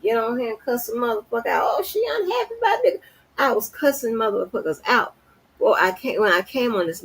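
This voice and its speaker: A husky woman rants at her viewers in an angry, unscripted livestream. Her pitch swings widely as she curses and confronts people. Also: a bit bright, poor audio. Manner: profane, heated, confrontational. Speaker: livestream host.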